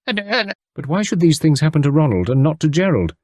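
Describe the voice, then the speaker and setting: A man's voice: fairly high pitch, sing-song, moderate pace, darkish tone, no echo, pitched above the performer's own voice. A man reading aloud, voicing a precise, courteous Belgian detective who scatters French words through his speech.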